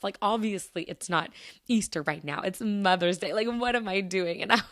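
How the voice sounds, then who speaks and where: A woman's voice: medium pitch, normal speed, a bit bright, no room sound, clean studio sound. Chatty woman rambling through stories. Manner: chatty, rambling storyteller with many restarts. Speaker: podcast host. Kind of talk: casual solo podcast chat.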